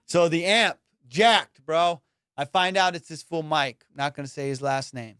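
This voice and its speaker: A man hosting a comedy podcast, spinning stories in loose slang and throwing on voices for the people in them. His voice sits a bit high and comes through smooth and resonant. The close mic is completely dry, with no room sound around him. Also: measured pace, no echo. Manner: slangy, animated, acts out quoted voices. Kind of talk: casual storytelling.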